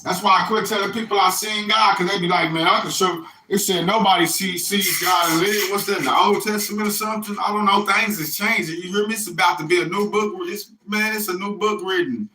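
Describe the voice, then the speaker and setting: A man's voice: high voice, steady tone, brisk, few pauses, pushed and bright, reverberant, a little hiss or hum, poor audio. A middle-aged man giving a rambling, profane spiritual monologue that keeps checking in with "you hear me?". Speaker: self-styled religious messenger.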